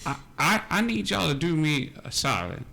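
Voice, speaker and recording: A woman's voice: low-pitched, sing-song, moderate pace, vocal fry, pushed and bright, full character voice. A man voicing an ancient, bawdy woman who leads a traveling camp, talking in a folksy drawl full of "y'all.". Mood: urgent.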